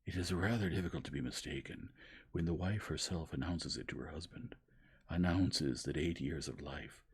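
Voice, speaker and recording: Deep breathy whisper, stiff bitter nobleman done by a guy, whispered role-play. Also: animated, normal speed, exaggerated voice. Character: cold, wounded aristocratic husband.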